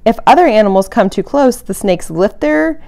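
A woman reads a children's picture book aloud with an animated, playful manner. Her pitch sits at a middle height but swings widely, and she speaks warmly to families about trying things at home. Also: normal speed. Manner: animated read-aloud, playful sound effects. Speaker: family camp leader.

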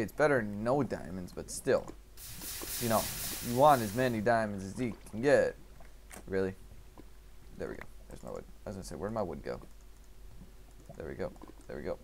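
Excitable man muttering through gameplay. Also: on the low side, slight background noise. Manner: excitable, talks to himself, swings between mutters and shouts. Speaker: gaming youtuber. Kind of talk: gameplay commentary.

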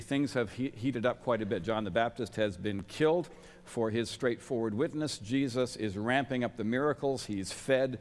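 A middle-aged man giving a sermon as a guest chapel speaker, with wry, self-deprecating humor. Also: medium pitch. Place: large college chapel. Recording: long reverb of a large chapel.

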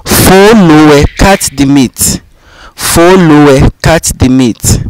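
A man teaching vocabulary, saying each phrase twice in a calm, patient way. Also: fairly high pitch, very slow, poor audio. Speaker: language teacher. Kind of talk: slow, repetitive vocabulary drill.

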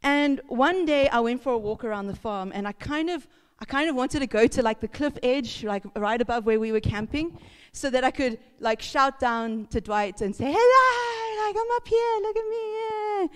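Woman pastor, smooth higher voice, casual sermon storytelling, long hall echo. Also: normal speed. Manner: chatty, laughing, acts out sounds and voices. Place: church hall. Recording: reverberant church hall.

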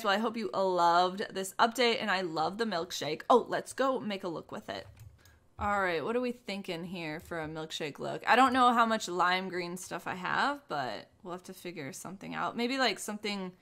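Bubbly, lively-voiced young woman gamer. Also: medium pitch. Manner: bubbly and gushing, lots of "oh my gosh" and "like". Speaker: gaming YouTuber. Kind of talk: casual gameplay commentary.

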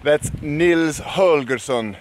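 A man's voice: on the high side, takes it slowly, slight background noise. An American man chatting casually and enthusiastically to his viewers while out on a bike ride. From United States. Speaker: travel vlogger. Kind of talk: casual travel vlog. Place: outdoors, riding a bike.

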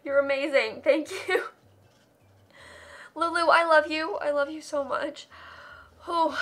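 A woman's voice: high voice, steady tone, slow, long pauses, a bit bright. A tired young woman streamer on a live charity stream, reading donation messages aloud and gushing thanks, laughing on the edge of tears. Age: young adult.

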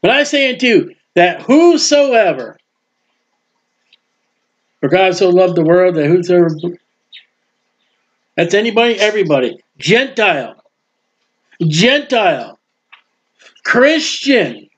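A man preaching a sermon with emphasis, swinging between loud proclaiming and quiet asides. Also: sits high, very animated, slow pace, long pauses.

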